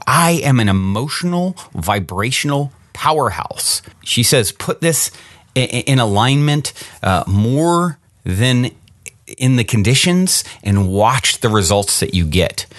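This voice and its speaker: A man's voice: mid-range voice, dry recording, clean studio sound. A man hosting a reflective solo podcast, talking earnestly and encouragingly and putting rhetorical questions to his listeners. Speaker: podcast host.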